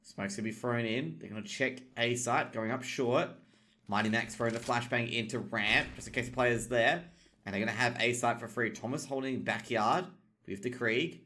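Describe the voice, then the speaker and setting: A male esports caster runs play-by-play on a shooter match, rattling off buys and positions in quick call-outs. His voice sits at an ordinary middle pitch. He jumps up in pitch and volume whenever a player gets a kill. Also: pushed and bright, a little hiss or hum. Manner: rapid call-outs that lift sharply on kills. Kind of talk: play-by-play game commentary.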